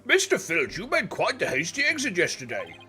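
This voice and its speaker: A streamer voicing a calm, menacing samurai prosecutor in a video game, speaking in measured, archaic phrases. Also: mid-range voice, faint music behind.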